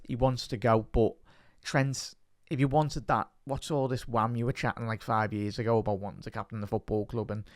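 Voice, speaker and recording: A man's voice: mid-range voice, no echo, clean studio sound. A man with a Liverpool Scouse accent hosting a fan podcast, talking casually and passionately, rambling and often repeating himself.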